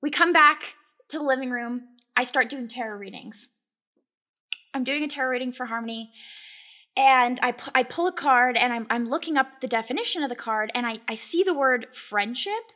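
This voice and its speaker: A young woman co-hosting a podcast, telling a wild story in a casual, animated way, laughing often and swearing freely. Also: high-pitched, normal speed. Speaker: podcast co-host.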